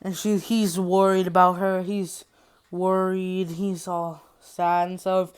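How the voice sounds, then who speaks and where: A woman's voice: lowish voice, level tone, slow pace, clean tone. A woman casually summarizing a horror book, rambling and repeating herself. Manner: rambling, repetitive, giggly. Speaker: youtuber retelling a book.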